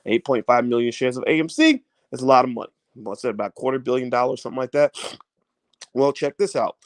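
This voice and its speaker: A man's voice: mid-range voice, expressive, fast talker, dry recording. A man giving casual livestream finance commentary, folksy and preachy, with everyday analogies and repeated phrases for emphasis.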